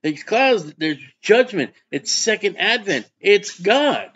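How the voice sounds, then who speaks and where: Man, pastor, folksy sermon, asks the congregation questions, slightly high voice, lo-fi sound. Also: very animated, takes it slowly, a bit bright, slight background noise.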